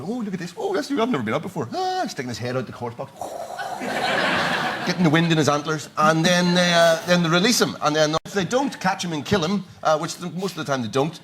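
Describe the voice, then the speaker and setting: Fast, lively man telling a rambling story. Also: fairly high pitch. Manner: rambling storytelling, full of repetition. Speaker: panelist. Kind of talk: comic banter on a panel.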